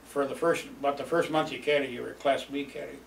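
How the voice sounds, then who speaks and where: Gravelly older man reminiscing, chuckling. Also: mid-range voice, fairly even intonation, fast, slight background noise. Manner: rambling, chuckling, lots of fillers. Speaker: storyteller. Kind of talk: reminiscing oral history. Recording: roomy, distant mic, faint ambience.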